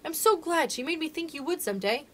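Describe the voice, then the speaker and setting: A woman reads aloud as a sweet young princess with a high, lively, breathless voice that leaps around in pitch. She sounds eager and trusting, the way a storybook princess talks. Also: fairly quick.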